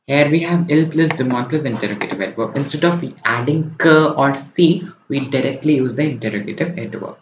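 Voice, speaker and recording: A man's voice: medium pitch, a little hiss or hum. Man tutoring French in a roomy space. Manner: explains step by step, often checking in with "right?" and "okay?". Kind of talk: online exam-prep lesson. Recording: roomy, dull lo-fi recording.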